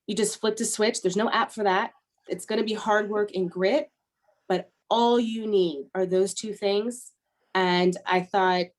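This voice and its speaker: A woman's voice: mid-range voice, a little mellow. A woman, an airline first officer, telling a personal story as an interview guest, earnest and repeating key lines for emphasis.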